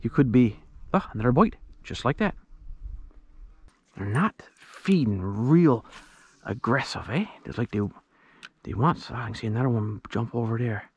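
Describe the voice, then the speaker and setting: A man on a pond in a kayak, giving casual running commentary while fishing and calling excitedly to his dog and his viewers. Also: medium pitch, moderate pace, long pauses, breathy edge. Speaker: outdoors vlogger.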